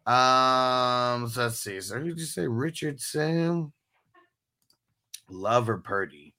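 A man's voice: mid-range voice, takes it slowly, pushed and bright. A man hosting a fantasy football podcast, chatting casually with loose, laughing, profane banter. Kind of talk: casual chat.

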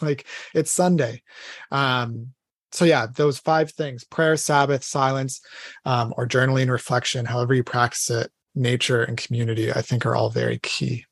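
A man's voice: mid-range voice, steady tone, normal speed, no echo, clean studio sound. A man talking in a casual faith discussion, earnestly retelling a scripture story with many fillers. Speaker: podcast co-host.

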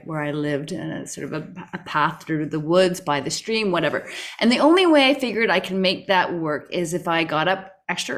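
A woman shares a personal story in a live talk. Her voice sits a little low, and she tells it with plenty of restarts and sudden excited rises. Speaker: co-host.

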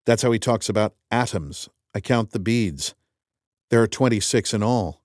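A man's voice: lowish voice, normal speed, darkish tone, dry recording. A man reading a first-person audiobook in a dry, wry and methodical way. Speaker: audiobook narrator. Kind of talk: first-person scripted narration.

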